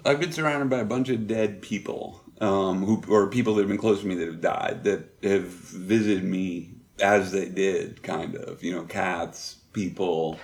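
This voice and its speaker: A middle-aged man telling personal stories as an interview guest, halting and reflective with many pauses. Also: sits low, fairly even intonation. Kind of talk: candid personal storytelling.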